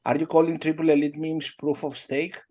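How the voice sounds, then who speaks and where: Give me a playful, joking man co-hosting a stream, with a slightly higher voice. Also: little pitch movement, brisk, warm tone. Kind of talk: casual stream chat.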